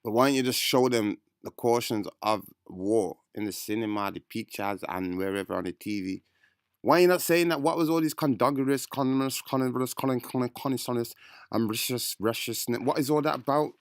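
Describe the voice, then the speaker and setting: A man's voice: medium pitch, darkish tone, no echo, clean studio sound. A man giving rambling, slangy commentary on an interview clip, calling his listeners bro and family. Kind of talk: casual reaction commentary.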